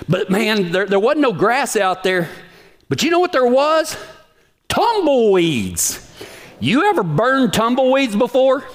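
A man's voice: high-pitched, fairly bright tone. A man telling a folksy story in a sermon, often asking the audience questions. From Texas.

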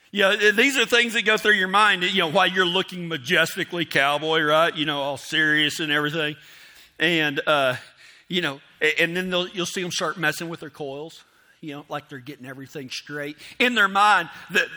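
Addressing an audience, a man tells rambling, self-mocking stories in a casual way, acting out his inner voice in quotes. His voice is high, bright, and forceful.

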